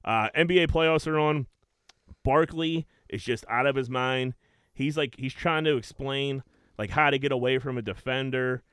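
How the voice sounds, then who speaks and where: A young man hosting a casual chat, telling stories in an animated way and swearing a lot. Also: medium pitch, normal speed, clean tone, no echo, studio quality. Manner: animated storytelling, heavy swearing and "dude".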